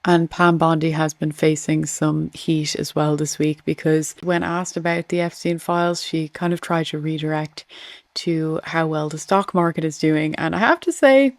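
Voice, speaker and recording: Woman host chatting over memes, wry, low-ish voice, dead dry sound. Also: level tone, unhurried, a little mellow, no echo. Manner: chatty and wry, with small laughs. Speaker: political commentary host. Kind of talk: casual commentary reading memes aloud.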